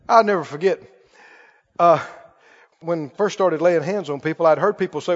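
A man's voice: fairly high pitch, normal speed, pauses often. A man preaching a sermon, telling stories and asking the congregation rhetorical questions, and he laughs at himself as he talks. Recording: dull audio with long reverb in a hall.

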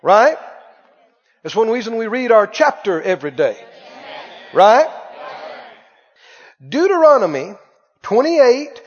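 A man's voice: very high voice, very animated, takes it slowly, long pauses. A man preaching a sermon, emphatic and repetitive, calling on the congregation to respond. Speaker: pastor. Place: church hall. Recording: muffled, reverberant church recording.

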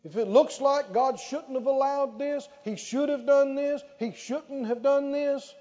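A man's voice: very high voice, mellow. A male pastor preaching a sermon, stretching out key phrases and leading the congregation in repeating lines back. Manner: emphatic, drawn-out phrases with call-and-response. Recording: dull, lo-fi sound with long hall reverb.

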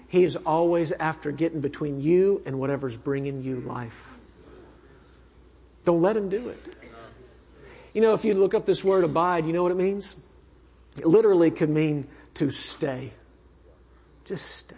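A traveling minister telling a story in a sermon, animated and acting out the dialogue, with a husky voice. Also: male voice, a little high. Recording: dull lo-fi recording.

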